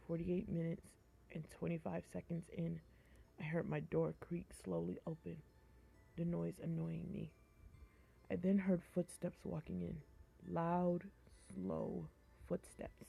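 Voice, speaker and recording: A young woman streamer reading a horror story aloud in a flat, even tone, stumbling over words and chatting between passages. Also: on the low side, vocal fry, slightly rough. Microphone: phone mic. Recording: tinny phone-like live-stream audio.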